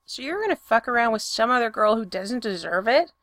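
A woman's voice: a little high, sing-song, brisk, a bit bright, no room sound. A woman voicing a sulky, bitter young man who speaks stiffly and curtly, in her own reading voice. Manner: stiff, curt, resentful.

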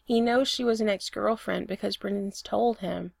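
A woman reading a romance story aloud, steady in her narration and voicing the dialogue. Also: mid-range voice, moderate pace, gravelly, no room sound, studio quality. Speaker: reader. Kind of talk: reading fan fiction aloud.

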